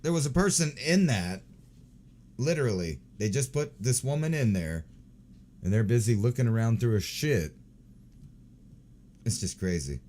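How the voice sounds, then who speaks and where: A man's voice: medium pitch, animated, normal speed, pauses often, darkish tone, a little hiss or hum. A man in his forties hosting a show, giving crude, sarcastic, rambling commentary on news clips and swearing often. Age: 40s. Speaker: host.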